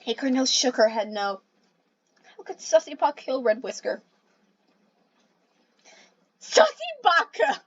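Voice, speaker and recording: A woman's voice: on the high side, moderate pace, no echo. A young woman reading a silly fan story aloud for laughs, with sarcastic asides at the text. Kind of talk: comedic dramatic reading with asides. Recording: dull, dry lo-fi recording.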